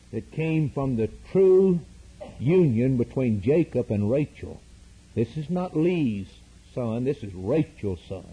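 A man's voice: medium pitch, dark tone, breathy edge, poor audio. A man preaching a sermon in an emphatic, repetitive cadence, heard as a radio broadcast.

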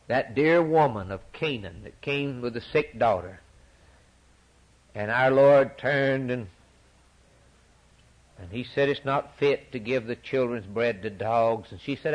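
A man preaching a sermon, repeating phrases for emphasis and swinging from loud declarations to near-whispers. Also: medium pitch. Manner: dramatic swings from loud to hushed, repetitive emphasis.

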